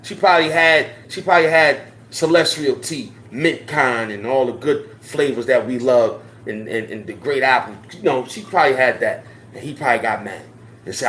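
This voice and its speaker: Man, impassioned commentary, slangy, repetitive, mid pitch, roomy echo. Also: moderate pace, fairly bright tone, slight background noise. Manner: slangy, emphatic, repeating phrases. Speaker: online commentator.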